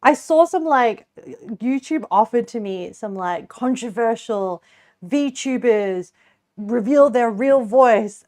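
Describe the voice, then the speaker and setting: A woman's voice: on the high side, animated, slow, a little mellow. A young Australian woman chatting casually while baking on a stream, giggling often and rambling with lots of restarts.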